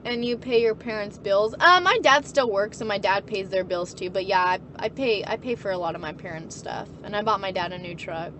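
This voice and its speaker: A woman's voice: mid-range voice, fairly quick, hardly any pauses, a bit bright, slight background noise. A woman in her twenties chatting casually and bluntly, swearing freely and laughing often. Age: 20s. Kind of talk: casual chat.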